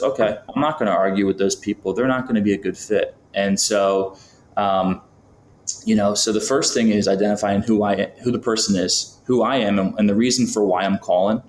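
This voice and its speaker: A man from Florida with a lowish voice, speaking at normal speed, is a business founder guesting on a podcast. He talks casually with plenty of fillers and acts out sample phone calls, in a roomy recording with faint ambience and slight hiss or hum.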